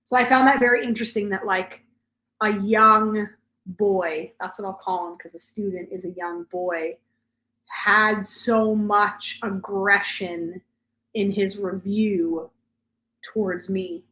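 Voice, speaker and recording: A woman's voice: mid-range voice, fairly even intonation, slow, bright, forceful tone. Chatty woman in her forties, roomy sound. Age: 40s. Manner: chatty storytelling, many "like" fillers. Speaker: podcast host. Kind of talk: casual chat. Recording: roomy echo.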